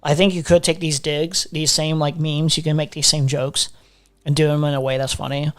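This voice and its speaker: A man commenting live on a debate clip in a fairly high, monotone voice. He picks apart the arguments with blunt criticism and repeats his lines to drive them home. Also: normal speed. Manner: critical, flat delivery, repeats phrases. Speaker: streamer.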